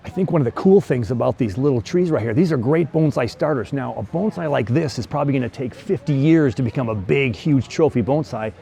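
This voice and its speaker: A man's voice: mid-range voice, expressive, fairly quick, vocal fry, hardly any pauses, dark tone. Upbeat man touring a greenhouse. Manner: enthusiastic, chatty, full of exclamations. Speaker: bonsai vlogger host. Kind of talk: casual walk-and-talk vlog. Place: indoor greenhouse at a plant nursery.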